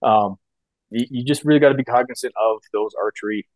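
A man co-hosting a podcast, talking in a loose, rambling way full of filler words. His pitch sits in the middle, and the recording is dry and close with no room sound. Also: brisk, a little mellow, no room sound. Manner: casual, rambling, many fillers like "you know" and "like". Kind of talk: casual chat.

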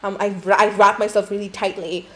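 Young woman, casual storytime, profane, rambling, filler-heavy, mid pitch. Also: level tone, brisk, fairly bright tone.

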